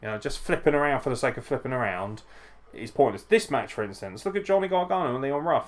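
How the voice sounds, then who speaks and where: Hosting a live watchalong of a wrestling event, a man in a medium-pitched voice talks casually, curses freely, and gets excited as the matches unfold.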